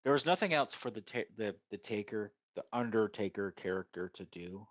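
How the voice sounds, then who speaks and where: A man's voice: fairly low pitch, expressive, brisk, no room sound, dull audio. A man co-hosting a casual wrestling chat, rambling with lots of fillers and restarts. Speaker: podcast co-host.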